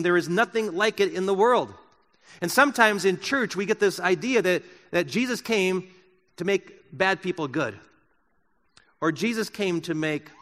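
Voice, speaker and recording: Bright-voiced preacher in an echoing hall. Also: male voice, high voice. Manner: impassioned preaching, swinging from loud emphasis to soft and slow. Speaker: pastor. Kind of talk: sermon. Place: church sanctuary.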